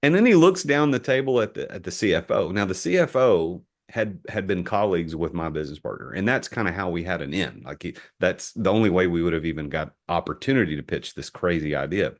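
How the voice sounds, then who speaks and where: A middle-aged American man with a very deep, low voice tells a story as a podcast guest. He speaks in an animated way and stumbles over the start of sentences, repeating a word or two before pressing on. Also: brisk, hardly any pauses. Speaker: entrepreneur guest.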